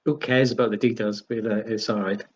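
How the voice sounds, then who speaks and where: A young man co-hosting a casual podcast, joking and animated, his voice climbing when amused. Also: on the low side, fairly quick, lo-fi sound. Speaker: podcast co-host. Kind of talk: casual chat.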